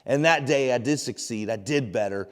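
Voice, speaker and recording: Speaking at a normal speed in a medium register, a devotional host recounts a personal story with folksy sincerity. His words ring out in a long, hall-like reverb.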